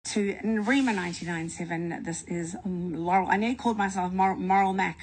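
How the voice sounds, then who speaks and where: A woman's voice: lowish voice, steady tone, a little fast, background noise. Chatty woman radio host, playful asides. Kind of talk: radio interview chat. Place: radio studio.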